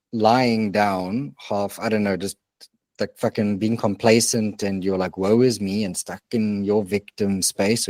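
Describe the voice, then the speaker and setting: A man speaks in a low voice, coaching with earnest emphasis and now and then a swear word. The sound is dry and close, with no room around it. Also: dry recording. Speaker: podcast co-host. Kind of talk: casual podcast conversation.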